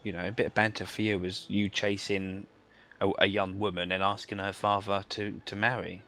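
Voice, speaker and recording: A man's voice: sits low, flat delivery, moderate pace, a bit bright, a little hiss or hum. A man telling a long rambling anecdote with many fillers while playing a game with friends. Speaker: gamer telling a story. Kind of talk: casual chat over gameplay.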